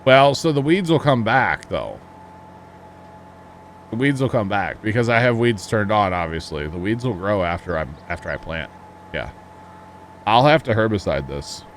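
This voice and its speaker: A man's voice: fairly low pitch, very animated, moderate pace, long pauses, slight background noise. A man giving casual commentary on a farming game stream, reading and answering chat as he explains farm equipment. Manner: chatty, reads chat aloud, explains farming gear. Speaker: livestream host.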